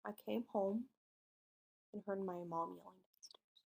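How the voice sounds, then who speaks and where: A woman's voice: mid-range voice, measured pace, creaky, breathy edge. A woman co-hosting a podcast, casually retelling a true-crime case and acting out its dialogue in informal speech. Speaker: podcast co-host telling a case.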